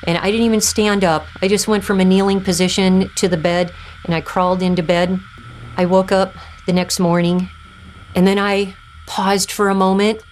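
Earnest woman telling her faith story. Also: fairly low pitch. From Southern California. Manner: earnest, halting, with many restarts. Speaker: testimony speaker. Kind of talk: personal faith testimony.

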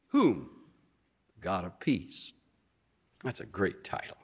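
A man's voice: low-pitched, wildly swooping pitch, slow, long pauses, husky. A man preaching an expository sermon, drawing out key words for emphasis. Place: church sanctuary. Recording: long reverb of a hall.

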